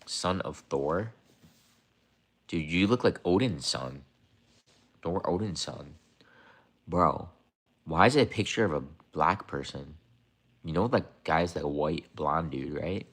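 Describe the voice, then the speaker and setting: With an extremely low, fairly bright voice and lively intonation, this young livestream host speaks at a measured pace with long pauses. He rambles to chat, repeats himself, and at times turns mocking and confrontational toward viewers.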